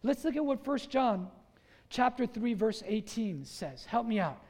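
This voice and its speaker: A man preaching a sermon as pastor, lively and drawing call-and-response from the congregation, acting out little scenes. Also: extremely high pitch, a little slow. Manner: acts out scenes in quoted voices.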